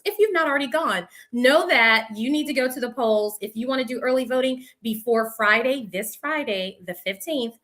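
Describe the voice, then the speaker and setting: A woman's voice: a little high, fairly bright tone. A woman hosting a community talk show, speaking in an upbeat, emphatic and encouraging way. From United States. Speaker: host.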